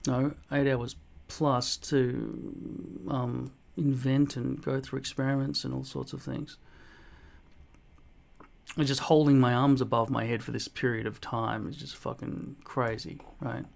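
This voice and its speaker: A man's voice: medium pitch, little pitch movement, unhurried, vocal fry. A man, casually reading and answering viewer comments in a blunt, mock-boastful way, swearing often. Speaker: vlogger replying to comments. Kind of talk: casual comment-reply monologue.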